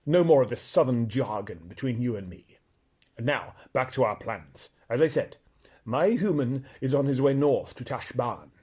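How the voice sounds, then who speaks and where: A man reading aloud, voicing a proud and blunt talking male horse who lectures in a brisk, scornful way. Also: mid-range voice, expressive, darkish tone, husky. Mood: planning.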